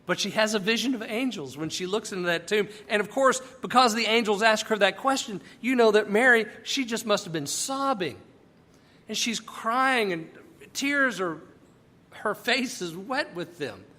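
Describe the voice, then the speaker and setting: Male Bible teacher, high and bright, conversational and emphatic, long reverb. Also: lively intonation, normal speed.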